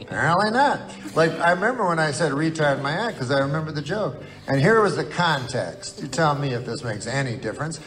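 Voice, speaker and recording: A man with a somewhat high voice tells a long, winding joke in a dry, deadpan manner. Music plays clearly underneath him throughout. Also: fairly quick. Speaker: comedian.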